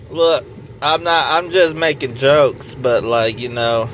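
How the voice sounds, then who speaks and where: A comedian wanders slowly through a crude, funny story, his mid-range voice rising and falling as he imitates what a friend said. The recording is rough, with a constant car engine hum underneath.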